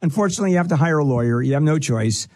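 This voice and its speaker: A man hosting a call-in advice show, blunt and quick with wisecracks. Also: fairly high pitch, animated, darkish tone, slightly rough. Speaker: radio call-in host.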